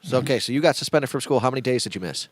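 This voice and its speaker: A man's voice: mid-range voice, expressive, very fast, dry recording. A man hosting a casual chat podcast, rambling and repeating words as he talks, with some swearing. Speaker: podcast host. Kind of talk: casual chat over drinks.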